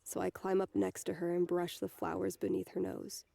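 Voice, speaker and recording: A woman reading a novel aloud in the first person, softly voicing the dialogue as she goes. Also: fairly low pitch, level tone, moderate pace, creaky, dry recording. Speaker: reader.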